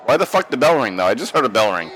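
Bright, lively, crude-joking podcast man. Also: mid-range voice, very fast. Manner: crude, joking, lots of swearing. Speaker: podcast co-host. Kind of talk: casual watch-along chat. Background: wrestling broadcast playing.

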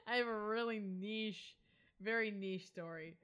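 A woman's voice: mid-range voice, slow pace, fairly bright tone, clean tone. A young woman co-hosting a podcast, chatting casually in an emphatic, playful way. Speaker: podcast co-host. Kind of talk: casual chat.

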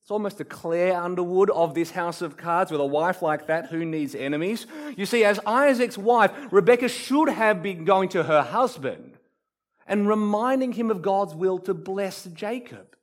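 A male pastor delivers a sermon in a high voice. His pitch swings widely as he acts out quotes. He drops to near-quiet to stress a point. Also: normal speed. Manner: animated preacher, acts out quotes, drops to soft emphasis.

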